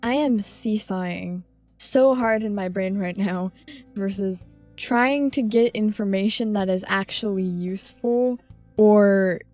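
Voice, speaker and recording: A woman playing in a tabletop game, chatty and excitable. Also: mid-range voice, slow pace, soft background music. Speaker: player. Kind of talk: casual tabletop game chat.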